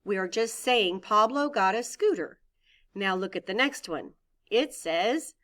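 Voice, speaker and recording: A woman teacher giving a recorded lesson to young children in a clear, encouraging, expressive voice. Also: mid-range voice, measured pace.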